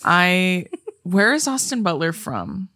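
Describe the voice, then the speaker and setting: A young woman with a bright, sharp tone and a fairly low pitch for a woman, co-hosting a casual podcast. She is animated and foul-mouthed and breaks into shrieking laughter. The sound is dry and close to the mic. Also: slow pace, dry recording. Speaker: podcast co-host. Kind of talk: casual chat.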